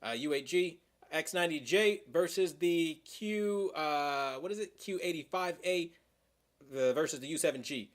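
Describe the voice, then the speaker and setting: A man's voice: a little high, moderate pace. Heated, rambling young man. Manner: heated, profane, rambling with many "like"s. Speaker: livestream host. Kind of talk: casual livestream chat.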